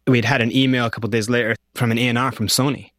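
A man, an interview guest, telling his story in an animated, conversational way. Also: medium pitch, racing, dry recording, studio quality. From Scotland.

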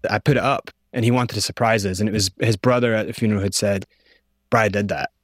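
A man, an interview guest, telling his story in an animated, conversational way. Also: fairly low pitch, fast talker, no room sound, studio quality. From Scotland.

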